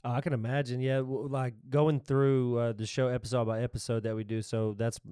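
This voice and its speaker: A man co-hosting a podcast who talks quickly and eagerly, like a fan. His voice is smooth and clear, and the sound is dry and close. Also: medium pitch, little pitch movement, warm tone, no room sound. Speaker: podcast co-host. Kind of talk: casual podcast chat.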